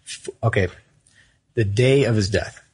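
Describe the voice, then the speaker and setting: A man's voice: on the low side, a little slow, darkish tone, breathy edge. A man co-hosting a podcast, casually telling a story from his notes, rambling and correcting himself as he goes. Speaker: podcast co-host.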